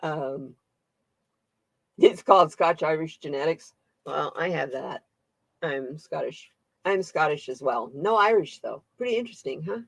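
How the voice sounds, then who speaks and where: A woman's voice: deep voice, lively intonation, a little slow, gravelly, fairly bright tone, husky, no echo. A woman hosting a casual live-stream tarot reading, chatting with her viewers, laughing often and reading their comments aloud. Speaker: tarot reader and channel host.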